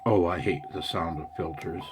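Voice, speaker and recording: A man's voice: sits low, moderate pace, very noisy. A man doing a casual ham radio vlog, reading out call signs with a self-amused, chatty manner. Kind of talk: casual contest recap vlog.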